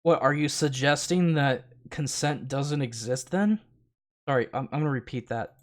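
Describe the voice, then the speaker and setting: A man's voice: mid-range voice, normal speed, a little hiss or hum. Sarcastic, profane male streamer. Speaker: streamer host. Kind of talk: casual live-stream commentary.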